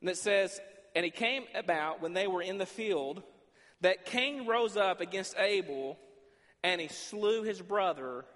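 A man preaching a sermon as pastor, acting out dialogue between God and the listeners, swinging from loud to quiet. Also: sits high, lively intonation, a little slow. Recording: long reverb in a large hall.

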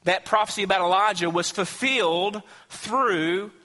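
A man delivers a sermon in an earnest, emphatic way, acting out quotes and putting rhetorical questions to his listeners. His voice sits high and sounds bright and forceful. A long reverb trails behind him, as in a big hall. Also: moderate pace. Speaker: pastor.

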